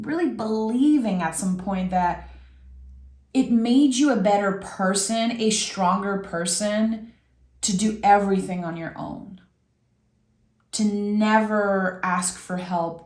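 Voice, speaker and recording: Slow, gentle tarot reader woman. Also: medium pitch. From Québec. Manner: gentle, reflective, searching for words. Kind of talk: intuitive tarot reading. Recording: roomy echo.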